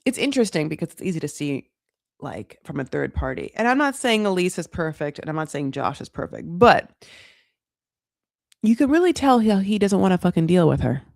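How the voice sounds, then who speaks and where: A woman's voice: lowish voice, big pitch swings, brisk, creaky, darkish tone, no room sound, clean studio sound. A woman hosting a casual reality TV recap, chatty and frank, swearing freely and putting on dramatic voices when she quotes people. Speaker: recap show host.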